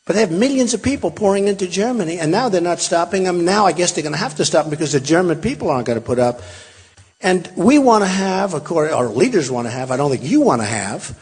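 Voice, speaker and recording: A man's voice: sits high, sing-song, fast, a little mellow, breathy edge. A man in his sixties, a political candidate giving a rambling, emphatic campaign rally speech with many repetitions and asides to the crowd. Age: 60s. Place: large hall. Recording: long hall reverb.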